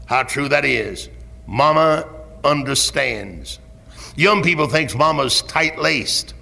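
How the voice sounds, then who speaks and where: Preacher man, swings hushed to shouting, lively pitch, long church echo on an old tape. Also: vocal fry. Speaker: pastor. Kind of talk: sermon. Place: church sanctuary. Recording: echoey 1970s church recording.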